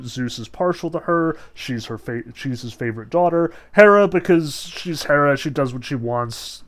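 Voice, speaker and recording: A male teacher lectures in a loose, chatty way, dropping "like" and "um" as he goes. His voice sits a bit higher than most men's. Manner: conversational, frequent "like" and "um" fillers. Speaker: literature teacher. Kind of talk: casual lecture.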